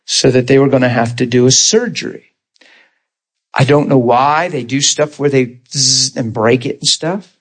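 Animated man telling a testimony. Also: mid-range voice, normal speed, slightly rough. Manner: animated, laughs often, acts out quoted voices; conversational, rhetorical asides to listeners. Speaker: preacher giving testimony. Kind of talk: testimony sermon storytelling.

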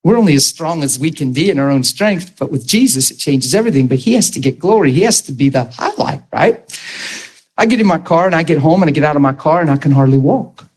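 A man's voice: fairly high pitch, animated, fast talker, darkish tone, breathy edge, rough recording. A man preaching an earnest testimony sermon, talking to his audience directly and conversationally.

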